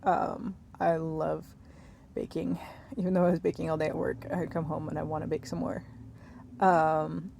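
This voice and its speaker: A woman in her thirties chatting casually while lying in bed, rambling softly with many fillers and sometimes dropping to a whisper. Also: low voice, level tone, moderate pace, gravelly, a little hiss or hum. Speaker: vlogger. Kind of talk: casual chat to camera.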